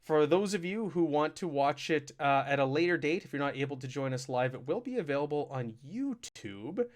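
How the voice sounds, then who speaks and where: A man hosts a live tabletop game as its game master, chatty and joking. His voice sits a little high and swings widely in pitch as he welcomes the players. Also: lively intonation, fairly quick. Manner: chatty, joking, laughs often.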